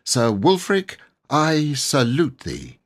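A man voicing a hot-tempered young boy, talking in a raised, excitable voice. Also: mid-range voice, slow pace, pitched above the performer's own voice. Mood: cross. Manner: cross, excitable.

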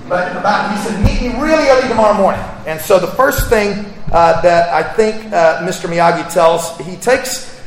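A man preaches a sermon, retelling a story and playing each character with rising fervor. His voice sits high, and it carries through a big, echoing hall. He is heard from a distance, with steady noise under the sound. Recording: echoey hall from far off, with noise.

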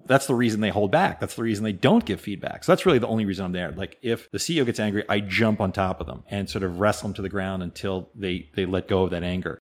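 Husky low-voiced man interviewing. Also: fast talker, hardly any pauses. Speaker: executive coach and interviewer. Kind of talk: conversational interview.

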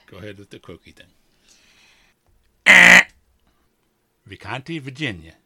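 A man with a fairly high, sing-song, creaky voice narrates a story slowly for his podcast over heavy background noise. As co-host and narrator, he teases and jokes, laughing through the lines he flubs.

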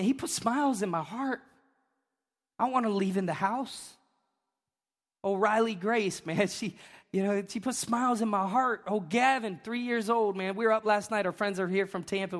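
A man, preaching a sermon as pastor, emphatic and emotional, with repeated questions and rising shouts. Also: high voice, normal speed. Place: church sanctuary. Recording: long reverb of a church hall.

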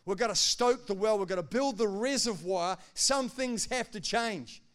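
A male pastor preaching a sermon, animated, acting out quotes and swinging between loud declarations and hushed asides. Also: high-pitched, normal speed.

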